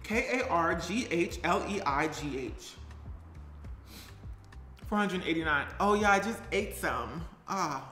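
A man doing a bright, chirpy small-town baker gal. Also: on the high side, animated, takes it slowly, pauses often, heavily acted. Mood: perky. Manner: chatty, giggly, reads viewer comments aloud. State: tired. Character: tired chatty young woman baker from a fall town. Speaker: live streamer. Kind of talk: character live stream comedy. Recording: roomy echo, faint music.

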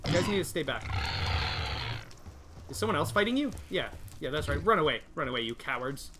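A young man streaming a video game live, chatting with his viewers, reading their messages and yelling in frustration when things go wrong. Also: fairly high pitch, fairly quick, noisy background. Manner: excitable, yells in frustration when dying; reads and answers chat. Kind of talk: live gaming stream commentary.

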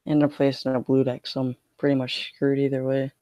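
A man's voice: medium pitch, monotone, fairly quick, warm tone, dry recording. A young man streaming a card game, complaining in a whiny, mock-scared way. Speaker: gaming streamer.

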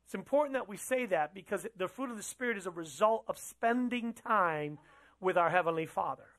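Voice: medium pitch, animated, fairly quick, a bit bright. A pastor preaching a sermon in a church, talking conversationally, asking the audience questions and repeating phrases for emphasis.

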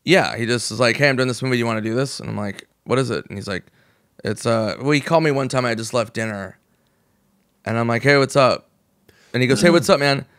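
A man's voice: mid-range voice, quick pace, a bit bright, no echo, clean studio sound. A man in his forties from the United States, a comedian guest telling stories in casual chat, swearing freely and acting out what people said. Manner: swears freely and acts out quoted voices. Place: podcast studio.

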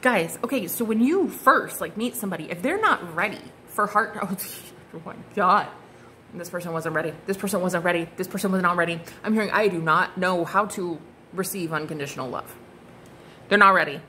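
A woman's voice: on the low side, fairly quick, bright, forceful tone, slight background noise. A woman giving a casual, gushing tarot reading to her viewers, exclaiming and swearing freely as she turns the cards. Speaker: tarot card reader.

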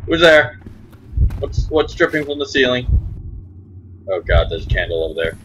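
A man's voice: medium pitch, very animated, moderate pace, fairly bright tone, slight background noise, rough recording. Jumpy young man playing a horror game. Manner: jumpy, frightened, muttering to himself. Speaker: gaming channel host.

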